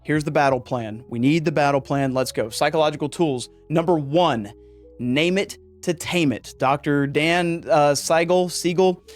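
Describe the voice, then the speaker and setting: A man's voice: fairly high pitch, normal speed, soft background music. A man hosting a podcast, talking casually and getting worked up, with jokey asides. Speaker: podcast host. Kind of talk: casual podcast monologue on men's mental health.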